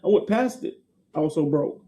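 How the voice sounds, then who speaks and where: A man gives a casual motivational talk. His tone is very dark and mellow, sitting a little high. He repeats his points emphatically in a folksy way. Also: animated, moderate pace. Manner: folksy, repetitive, emphatic with laughs.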